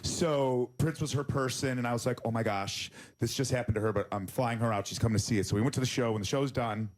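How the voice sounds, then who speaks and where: A man telling an earnest, somewhat halting story. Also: medium pitch. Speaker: guest. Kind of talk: earnest anecdote.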